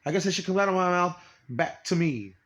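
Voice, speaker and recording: Halting, profane man, slightly high voice. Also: expressive. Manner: profane, halting, trails off quietly. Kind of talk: rambling personal monologue.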